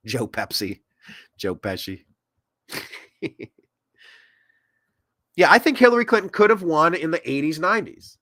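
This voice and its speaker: A man hosts a political commentary show, ranting in an animated way. His voice is higher than most men's and bright, and it leaps up and down in pitch. The sound is dry and close. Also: measured pace, pauses often, dry recording. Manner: animated ranting, swings loud and soft. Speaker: host.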